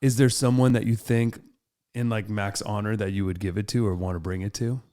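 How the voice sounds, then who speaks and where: A man's voice: lowish voice, fairly even intonation, a little fast, warm tone, smooth. A man hosting a casual interview, answering with short agreements and asking follow-up questions. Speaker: podcast host.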